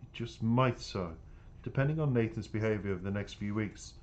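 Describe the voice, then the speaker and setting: A man's voice: fairly low pitch, a little fast, darkish tone, natural voice. A man voicing a stern older woman who runs a boys' home, scolding in a storybook reading.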